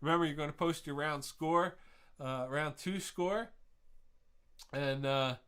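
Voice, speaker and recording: A man's voice: a little high, unhurried, fairly bright tone, clean tone. A man hosting a live online trivia quiz, chatty and laughing at his own jokes, drifting into rambling rants between answers.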